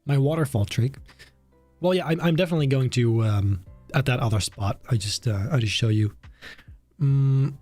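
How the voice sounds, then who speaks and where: A man's voice: medium pitch, moderate pace, darkish tone. A young British man chatting casually on a live stream as he builds, thinking aloud and poking fun at himself. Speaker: streamer building a theme park. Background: faint background music.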